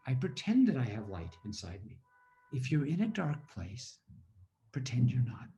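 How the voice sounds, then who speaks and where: A man's voice: medium pitch, sing-song, normal speed, dark tone, highs cut off. A man giving an inspirational storytelling talk over a video call at a community holiday event, acting out his own past thoughts.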